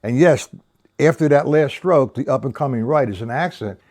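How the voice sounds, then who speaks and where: A man's voice: mid-range voice, normal speed, darkish tone. Older male drum teacher, opinionated, rambling, counts time aloud. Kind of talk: live-streamed drum lesson.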